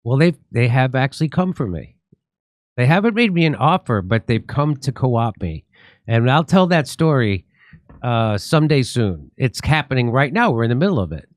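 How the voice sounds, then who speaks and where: A man's voice: mid-range voice, very animated, moderate pace, no echo. Middle-aged guy hosting, casual chat, swears a lot, bone-dry mic. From Chicago, United States. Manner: blunt, profane storytelling. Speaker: show host.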